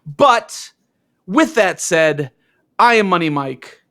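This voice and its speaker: A man's voice: sits high, lively intonation, slow, pushed and bright. Sarcastic man co-hosting a podcast. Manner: joking, sarcastic. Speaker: podcast co-host. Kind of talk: casual chat and narration.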